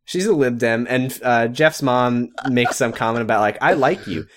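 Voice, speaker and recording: A man's voice: medium pitch, moderate pace, a bit bright, slight background noise. A man co-hosting a podcast, chatting casually with a dry, teasing manner. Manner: dry, teasing, laughs along. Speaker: podcast co-host. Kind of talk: casual comedic chat recapping a show.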